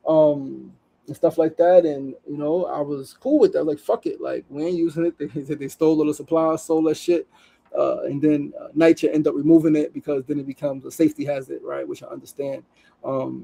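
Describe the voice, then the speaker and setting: A man's voice: fairly high pitch, gravelly, warm tone, low-quality recording. A man hosting a daily show, talking casually and emotionally, swearing freely and reading a story aloud. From New York City. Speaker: podcast host. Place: studio.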